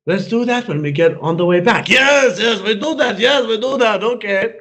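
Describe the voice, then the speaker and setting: A man voicing an excitable, scheming male train passenger in a joke, talking in a raised voice full of repeated yeses. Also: moderate pace. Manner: high-pitched and chattering, with nodding repeated yeses.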